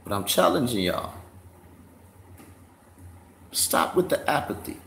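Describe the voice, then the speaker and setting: A man's voice: mid-range voice, very animated, slow pace, creaky, a bit bright. A man hosting a casual livestream, profane and mocking, laughing often. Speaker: livestream host. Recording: echoey room, faint background noise.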